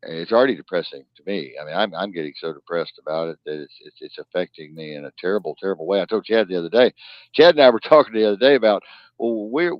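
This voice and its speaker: A man hosting a live-stream news talk show, ranting in profane outbursts that swing from loud to low muttering. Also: animated, fast talker, no room sound. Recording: dull lo-fi dry sound.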